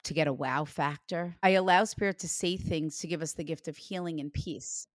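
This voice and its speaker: A woman's voice: sits low, normal speed, dry recording, studio quality. A woman working as a psychic medium, giving a reading to a client in an earnest, reassuring way. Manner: earnest, reassuring, animated when retelling.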